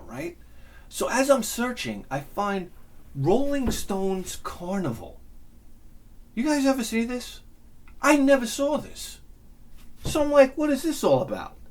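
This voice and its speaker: A man hosting his own channel, telling a rambling, excitable story in a casual monologue and swearing freely. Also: high-pitched. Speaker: channel host.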